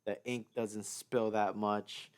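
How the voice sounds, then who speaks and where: A young male footwear designer co-hosting a casual podcast, easygoing and quick to chime in. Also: fairly low pitch, little pitch movement, clear, resonant tone. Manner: easygoing, chimes in with short agreements. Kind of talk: casual chat.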